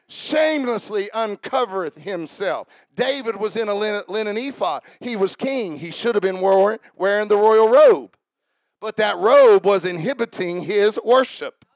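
A man preaching a sermon in church, swinging between shouted exhortation and quiet joking asides. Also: high-pitched, expressive, a little slow, no room sound, clean studio sound.

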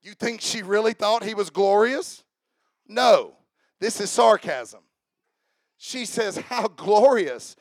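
A man preaches to a church congregation, his voice pitched fairly high and rough with gravel. He climbs to shouted exhortations, then drops low for wry asides to the room. The sound is dry and close. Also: takes it slowly, long pauses, no echo. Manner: swings from shouted exhortation to quiet joking asides. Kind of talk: sermon.

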